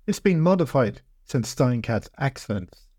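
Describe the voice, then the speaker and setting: A man voicing a calm, matter-of-fact male keeper of a compound in a fantasy story. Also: mid-range voice, measured pace, dry recording, clean studio sound. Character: older male wizard-like compound owner, dry and matter-of-fact.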